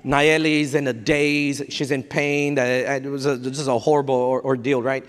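A man's voice: medium pitch, level tone, normal speed, clear, resonant tone. A man preaching a sermon as pastor, telling a personal story with emotion, many restarts and stammers, and Spanish phrases mixed in. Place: church hall. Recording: live sermon with long hall reverb.

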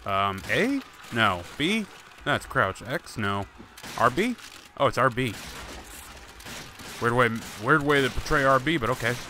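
A man's voice: medium pitch, expressive, measured pace, long pauses, pushed and bright, a little hiss or hum. A man giving casual, joking let's play commentary on an old war game, often swearing. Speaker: gaming YouTuber. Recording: game audio and music behind.

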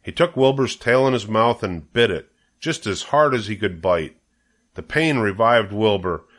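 An older man reading a children's novel aloud in a steady, gentle read-aloud manner. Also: fairly low pitch, moderate pace. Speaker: storybook reader.

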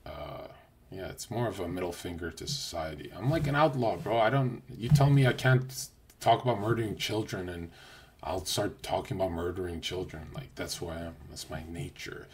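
Man, young adult, livestreamer, brash crude rant, low voice, jumps from loud to muttered. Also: moderate pace, slight background noise.

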